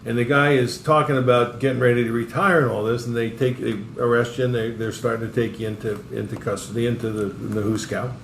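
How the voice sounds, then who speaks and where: A man co-hosting a podcast, telling anecdotes in an animated, laughing way with some swearing. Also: medium pitch, quick pace, gravelly, few pauses, distant mic. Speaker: podcast co-host. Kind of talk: casual storytelling chat. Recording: echoey room with faint noise.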